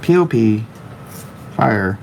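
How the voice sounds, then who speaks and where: A middle-aged man with a gravelly, creaky voice talks at an unhurried, drawn-out pace. He rambles and cracks jokes while drawing on a livestream, reading viewer comments aloud. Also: on the low side, expressive, darkish tone, dull audio, slight background noise. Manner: rambling, jokey, reads viewer chat aloud. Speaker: comic artist streaming his work.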